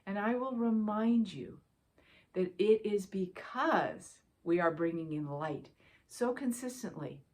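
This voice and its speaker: A woman spiritual teacher with a medium-pitched voice gives a gentle, reassuring guidance talk. She addresses her listeners directly and repeats key phrases for emphasis.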